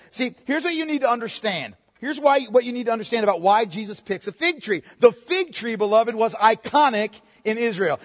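A man delivers a sermon in a church, his voice unusually high for a man. He keeps it conversational, checking in with the congregation with "okay?" and "right?". A long reverb from the sanctuary trails after his words. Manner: conversational preaching with frequent "okay?" check-ins. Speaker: pastor. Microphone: microphone.

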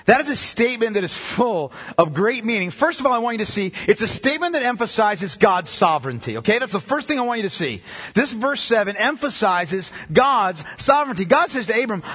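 A male pastor delivering a sermon with a high, bright, slightly breathy voice. He is emphatic, slowing deliberately when reading scripture aloud. The sound carries a long reverb from a large church hall. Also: big pitch swings.

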